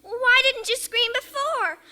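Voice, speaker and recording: A woman's voice: very high voice, slow pace, pushed and bright, heavily acted. An actress playing a frightened, insistent young girl in a 1950s radio drama, pleading and frantic.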